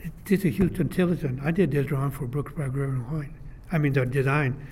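An older man, a retired architectural designer, being interviewed for an oral history and telling rambling, animated stories from his career. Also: medium pitch, brisk, slight background noise. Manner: rambling, animated storyteller who acts out quoted dialogue.

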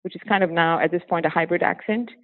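Woman guest from Singapore, hybrid accent with a touch of British, lively and chatty, dry tinny phone-like sound. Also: fairly low pitch, fast talker, dry recording. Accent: hybrid with a hint of British. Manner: animated, laughs often, breaks into acted quotes. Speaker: interview guest, former teacher. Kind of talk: casual interview conversation.

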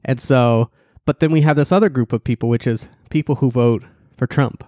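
A man co-hosting a casual political podcast, ironic and animated, restarting sentences and mocking the people he quotes. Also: fairly quick, no room sound, studio quality. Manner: animated, ironic, restarts and leaps in pitch for emphasis. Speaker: podcast co-host.

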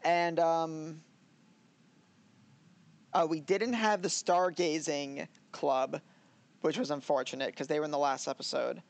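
A man's voice: fairly high pitch, steady tone, unhurried, gravelly, long pauses, no echo. A man co-hosting a casual anime review chat, rambling, laughing and acting out scenes as he talks. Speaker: podcast co-host.

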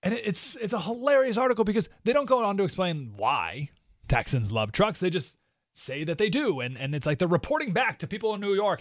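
A man's voice: on the high side, sing-song, fast, no room sound, studio quality. A man hosting a radio talk show, delivering an opinionated monologue in a sarcastic, mocking, emphatic manner. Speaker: radio host.

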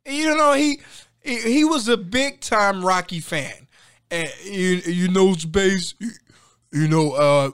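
A man's voice: sits high, a bit bright. A man paying a casual tribute to a late friend, speaking in loose slang.

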